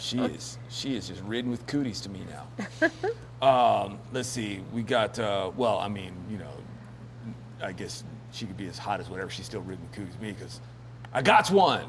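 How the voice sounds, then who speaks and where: A man's voice: lowish voice, animated, moderate pace, noisy background. A man hosting a casual news commentary show, rambling and joking with lots of fillers and laughs. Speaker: host.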